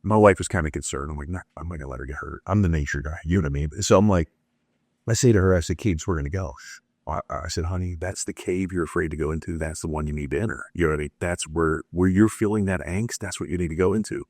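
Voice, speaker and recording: A man's voice: low-pitched, fast, no echo, studio quality. A middle-aged man, a guest on a business interview, telling motivational stories and acting out the dialogue in them. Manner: animated motivational storytelling with acted-out dialogue. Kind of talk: casual interview talk.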